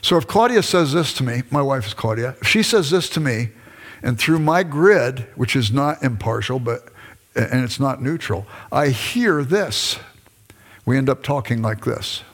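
A man's voice: medium pitch, lively intonation, measured pace. An older man giving a conversational lecture to a class, acting out bits of dialogue with his wife as he goes. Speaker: lecturer, former pastor. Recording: long reverb from a hall.

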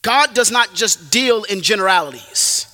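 A man delivers a sermon in a bright, high voice that climbs and dips with wide, lively swings. He presses his points hard, then drops low for asides. His words ring out with the long reverb of a hall. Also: moderate pace. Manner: emphatic, rises and drops sharply for effect. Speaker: preacher.

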